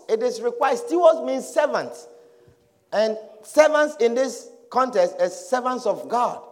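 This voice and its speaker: A man's voice: extremely high pitch, lively intonation, unhurried. A male pastor preaching a sermon emphatically, repeating phrases and asking listeners if they understand. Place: church hall. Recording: long hall reverb.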